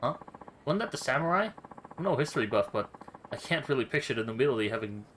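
A man's voice: medium pitch, expressive, fast, a bit bright, slight background noise, close to an everyday voice. A man reading a sarcastic, exasperated fighter. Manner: sarcastic, incredulous. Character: blunt, exasperated male fighter.

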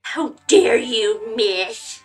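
A woman voicing a snooty, sniffly rich man in a fancy suit who is fighting a bad cold, with a nasal, drawn-out, haughty delivery in a game playthrough. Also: on the high side, lively intonation, pushed and bright, soft background music, heavily acted, rough recording.

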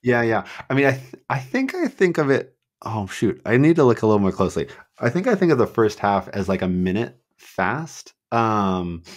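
A man on a podcast telling running stories in a casual, animated way, acting out quotes with lots of fillers. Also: on the low side, moderate pace. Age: adult with a child. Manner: animated storyteller, acts out quotes, many fillers. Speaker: guest marathon runner.

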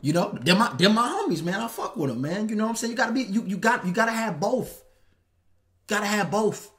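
Man, African American Vernacular English accent, slangy casual talk, lively pitch. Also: a little fast. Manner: slangy, animated, repeats himself. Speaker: host. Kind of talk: casual live-stream talk.

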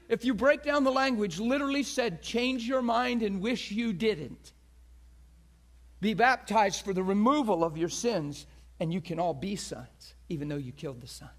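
A man with a high voice preaches a passionate sermon. He climbs to shouted peaks, then drops to a hushed near-whisper, and acts out the crowd's voices with sharp gasps. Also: normal speed.

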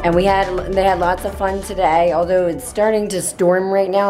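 A woman's voice: mid-range voice, flat delivery, normal speed, few pauses, over music. A young woman narrating a family vlog outdoors at a backyard pool, chatting to viewers with lots of "like" fillers. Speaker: family vlogger.

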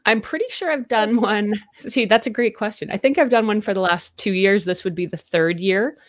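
A woman's voice: mid-range voice, moderate pace, no room sound. A woman with a Canadian accent, a tech reviewer chatting as a guest and explaining products in a friendly, thoughtful way. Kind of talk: casual interview chat.

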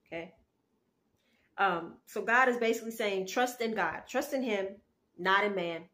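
A woman speaking in a relaxed, conversational devotional style. She fills her talk with "okay" and "y'all," and she slows down and presses each word when reading scripture aloud. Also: on the low side, slight background noise. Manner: conversational, repeats "okay" often, says "y'all". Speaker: Christian video creator sharing a prophetic dream. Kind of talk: casual spoken devotional.

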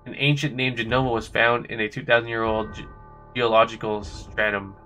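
A man voicing a cold, proud male swordsman villain from a video game, reading his lines slowly and deliberately. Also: medium pitch, level tone, pushed and bright, faint music behind, natural voice.

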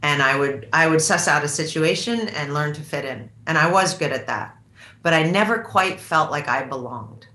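Bright low-pitched woman, reflective. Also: lively intonation, normal speed, reverberant. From United States. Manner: reflective, with frequent restarts and fillers. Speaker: author and actress, interview guest. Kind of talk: conversational interview.

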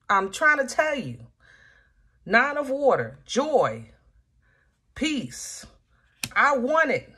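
Lady doing a tarot reading, kinda high voice, slow and punchy, keeps repeating herself. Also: bright, forceful tone, slightly rough. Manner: emphatic, repeats warnings, laughs often. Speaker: tarot reader. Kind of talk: casual tarot reading to camera.

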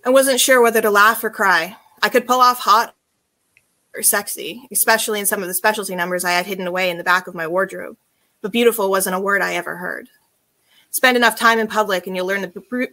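A woman author reading from her own novel in an even, intimate storytelling voice with a soft, low delivery. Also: a little fast.

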